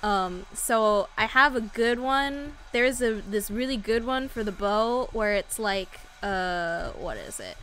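A woman's voice: mid-range voice, animated, slow, hardly any pauses, fairly bright tone. A woman hosting a let's play, chatting playfully with viewers and swearing freely as she plays. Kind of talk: casual gameplay commentary.

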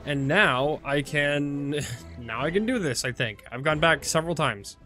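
A man hosting a casual let's-play, talking in a slightly high voice. He rambles, fills pauses and corrects himself as he goes, over faint background music. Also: bright, forceful tone. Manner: rambling, chatty, self-correcting with many fillers. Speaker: video game let's-play host. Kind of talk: casual gameplay commentary.

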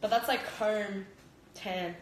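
A woman's voice: mid-range voice, fairly even intonation, takes it slowly, a little hiss or hum. A young Australian woman chatting casually into her phone from her kitchen, rambling and giggly, with lots of "like". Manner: rambling, giggly, heavy use of "like". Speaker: fighter streaming live. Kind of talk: casual live-stream chat. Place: home kitchen. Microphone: phone camera. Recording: roomy kitchen echo.

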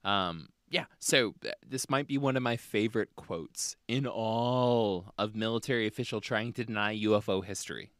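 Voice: mid-range voice, normal speed, few pauses, no echo, clean studio sound. A podcast host in casual conversation who swears freely and laughs often.

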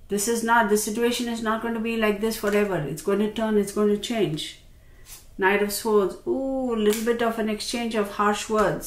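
A woman giving a casual tarot reading, chatty and expressive, talking straight to the viewer. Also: mid-range voice. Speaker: tarot reader. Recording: roomy with faint background noise.

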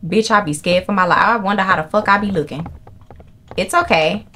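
A young woman commentating her horror gameplay, excitable and profane, with jumpy reactions. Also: medium pitch, fast, slight background noise. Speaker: gaming channel host. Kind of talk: live horror game commentary.

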